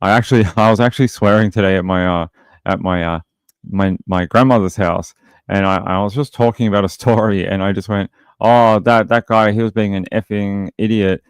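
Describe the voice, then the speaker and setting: Aussie guy doing a true crime stream, reads chat, blunt opinions, lots of ums, lowish voice. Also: steady tone, a little fast, smooth, no room sound. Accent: Australian. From Australia. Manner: chatty, reads viewer comments aloud and answers them; blunt and opinionated, with many fillers. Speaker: true crime livestream host. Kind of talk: casual livestream commentary.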